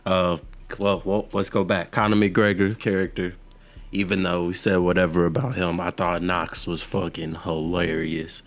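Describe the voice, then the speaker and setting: A man's voice: low-pitched, little pitch movement, normal speed. A man co-hosting a casual movie review chat who laughs often and acts out lines from the film. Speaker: podcast co-host.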